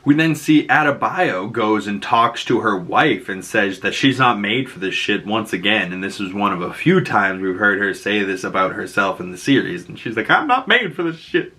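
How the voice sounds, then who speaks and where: Boston guy, casual recap host, lively and profane, bright forceful tone. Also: lowish voice, normal speed, hardly any pauses. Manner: animated retelling with profanity and acted-out quotes.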